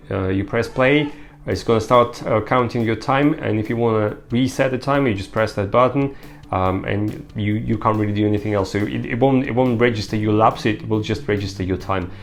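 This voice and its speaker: A man reviewing a gadget in a relaxed, step-by-step way, with frequent "uh" and "um" fillers. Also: medium pitch. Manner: explains step by step, many fillers like uh and um. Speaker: tech reviewer. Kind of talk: casual product demo.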